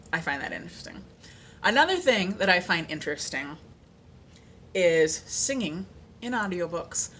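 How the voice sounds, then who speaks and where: A woman vlogger chatting casually, animated and playful, with lots of fillers and little sung snippets. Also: fairly low pitch, a little hiss or hum. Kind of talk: casual chat.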